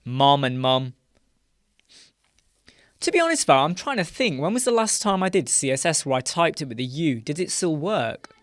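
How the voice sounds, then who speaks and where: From a small dark room fitted with sound panels, a British man from the UK hosts a casual live chat stream, rambling with fillers and regularly ending on "right?". His slightly high, fairly bright voice swings widely in pitch at a moderate pace, sounding clean and studio-grade with no echo.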